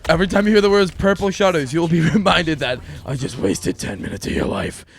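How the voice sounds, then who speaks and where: Young man, let's play host, animated, giggly, gravelly, light hiss. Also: fairly high pitch, fast. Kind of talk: playful gameplay storytelling.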